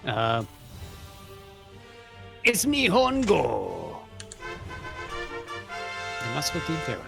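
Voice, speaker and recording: A man's voice: medium pitch, wildly swooping pitch, very slow, vocal fry, music in the background. A man casting a live strategy-game match with a playful, joking manner. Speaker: esports caster.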